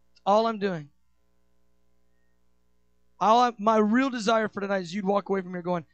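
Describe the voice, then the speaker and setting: A man with a notably high voice preaches a sermon. He races through asides, then slows down and builds to shouted, ringing declarations. The sound is close and dry, with faint music underneath. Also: no echo. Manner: swings from quick asides to slow, shouted declarations. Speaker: pastor.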